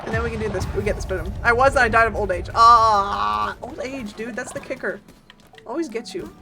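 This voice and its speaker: A woman's voice: fairly high pitch, quick pace. A woman streaming a game, chatting casually and giggling with her viewers, swearing often. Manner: animated and giggly, greets chat, swears often. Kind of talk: casual live-stream chat while gaming. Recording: game music playing under voice.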